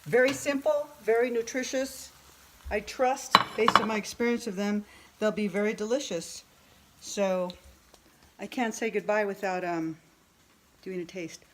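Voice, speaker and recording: A woman's voice: medium pitch, a little slow, very noisy. A woman in her fifties hosting a casual home cooking demonstration, chatty, thinking aloud as she works and joking at her own expense. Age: 50s. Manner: chatty, thinks aloud, jokes and laughs at herself. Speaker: cooking vlog host. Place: home kitchen. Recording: sizzling pan and clattering dishes behind.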